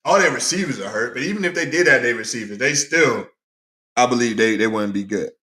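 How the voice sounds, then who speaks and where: A man hosting a casual sports talk show, talking in an animated way and answering viewers by name. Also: mid-range voice, brisk. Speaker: podcast host. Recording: roomy echoey room.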